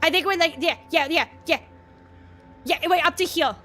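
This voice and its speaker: A woman's voice: very high voice, moderate pace, bright, forceful tone. An Australian woman streamer reading horror stories aloud, chatting casually and rambling with giggles and swearing. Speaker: VTuber streamer.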